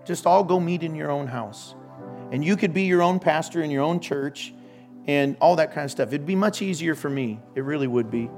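Male pastor, sermon, fairly high voice, joking delivery, faint music underneath. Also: moderate pace. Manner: joking, lively storytelling with sudden loud outbursts.

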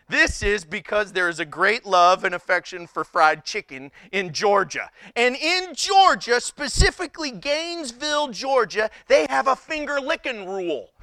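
A pastor with a high, creaky voice preaches a humorous sermon, telling stories animatedly amid frequent laughter and incredulous exclamations. The studio-quality recording has no room sound.

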